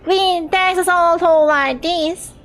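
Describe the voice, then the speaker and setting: A woman's voice: very high-pitched, steady tone, measured pace, fairly bright tone, faint music behind, voice pushed up. A woman voicing a brash Texan cowboy in a mock-tough drawl while playing a game. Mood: defensive. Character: brash male Texan cowboy, gruff and boastful.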